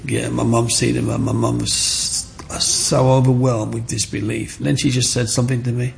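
An older man, telling stories from his childhood in an interview with animated, storytelling energy. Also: mid-range voice, moderate pace, gravelly, slight background noise. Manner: animated storyteller, acts out the voices of others.

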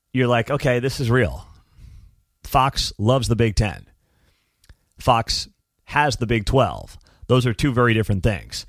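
A man's voice: fairly high pitch, a bit bright, no room sound, studio quality. A man hosting a live-streamed college football talk show, with sarcastic asides and talking straight to his viewers. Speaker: sports talk host.

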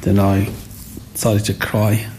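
A man's voice: on the low side, slow, slight background noise. An older man, telling childhood stories in an interview and acting out other people's voices. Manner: animated, acts out voices of others. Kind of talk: reminiscing storytelling.

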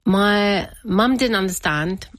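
A woman's voice: mid-range voice, slow pace, a bit bright, dry recording. A woman, telling her family story as an interview guest, chatty and often laughing. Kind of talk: personal storytelling.

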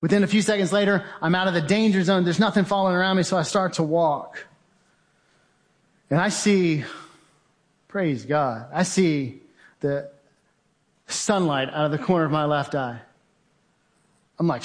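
A man tells a personal story on stage with urgent, vivid energy. His voice sits a little high for a man, and he pushes through some lines quickly, then drags others out slowly for weight. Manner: vivid, urgent storytelling that speeds up and slows down, addressing listeners as guys. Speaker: speaker giving a talk. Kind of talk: dramatic storytelling presentation.

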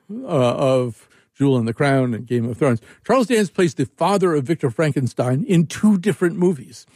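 A man's voice: fairly high pitch, darkish tone, no room sound, clean studio sound. A man hosting a radio talk show, rambling and joking, with frequent restarts. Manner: rambling, self-interrupting, jokey. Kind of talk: casual radio chat.

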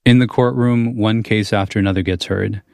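Low-voiced male documentary narrator. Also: vocal fry, a little hiss or hum. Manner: measured, calm storytelling. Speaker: reporter and narrator. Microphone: studio voice-over mic.

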